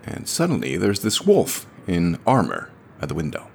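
A man's voice: low-pitched, wildly swooping pitch, normal speed, creaky, slightly rough, full character voice. A young man playing a cheeky dream traveler, narrating in a wry, chatty way. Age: young adult. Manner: wry, conversational storytelling. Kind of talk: audio drama monologue narration.

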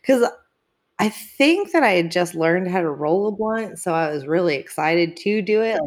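A woman in her twenties with a fairly low, animated voice speaks at a moderate pace. Chatting casually, she tells candid personal stories, swearing freely, laughing, and acting out the people she quotes.

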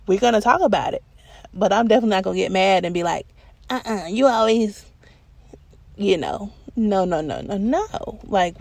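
A woman hosting a casual podcast monologue, her voice gravelly with a lot of vocal fry. She talks straight to her listeners in a chatty, animated way and slips into quoted replies. The sound is dry and close. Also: mid-range voice, dry recording. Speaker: podcast host.

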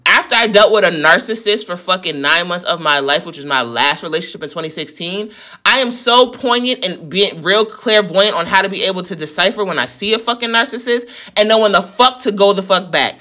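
A woman's voice: medium pitch, animated, a little fast, pushed and bright. Fired-up New woman ranting. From New York. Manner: heated, profane, venting. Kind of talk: storytime rant to viewers.

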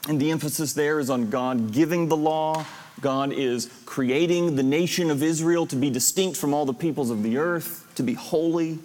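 A man's voice: on the high side, normal speed, a little mellow. A man teaching a Bible class, explaining step by step, recapping lists and putting questions to his students. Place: classroom or church hall with students. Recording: long reverb of a hall.

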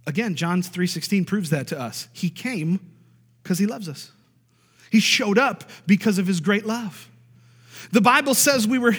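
A man's voice: a little high, breathy edge, big-room sound. A married man preaching a sermon, stressing key lines by repeating them and calling out for amens. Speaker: pastor.

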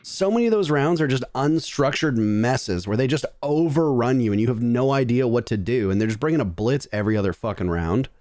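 A man hosting a casual esports chat, animated and profane, mimicking players as he talks. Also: mid-range voice, a little fast, hardly any pauses, no echo.

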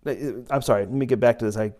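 A man's voice: medium pitch, fast talker, dark tone. A man giving an informal sermon in a church, conversational and rambling, with many fillers and restarts, reading and retelling scripture. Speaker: preacher.

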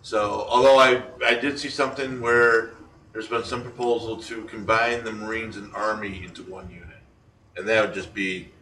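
A man's voice: on the low side, level tone, normal speed, bright, forceful tone, echoey room, distant mic, low-quality recording. A man co-hosting a casual chat, rambling with frequent ums and restarts. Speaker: podcast co-host.

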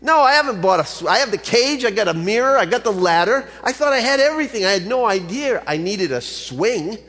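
Man voicing a fretful woman, exasperated, pleading, raised pitch, echo of a big hall. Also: big pitch swings, unhurried, fairly bright tone, heavily acted. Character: worried middle-aged woman bird owner. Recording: long reverb of a large hall.

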